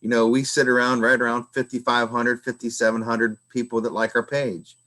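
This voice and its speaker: A man's voice: medium pitch, flat delivery, fairly quick, bright, forceful tone. A man hosting a podcast, talking in a rambling, casual way full of filler phrases. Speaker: podcast host. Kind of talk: casual conversation.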